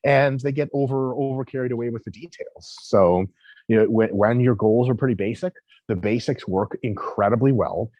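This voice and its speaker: Brief: male guest coach, blunt and emphatic, husky, dry recording. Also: medium pitch, normal speed, mellow, no room sound. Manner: emphatic, blunt, swears freely. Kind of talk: casual interview talk.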